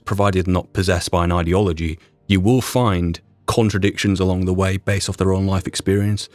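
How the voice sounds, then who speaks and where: A man's voice: low voice, no room sound. A young man with a Yorkshire accent, hosting a casual podcast retrospective in a rambling, self-deprecating way with mild swearing. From Yorkshire, England. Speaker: podcast host and mod creator.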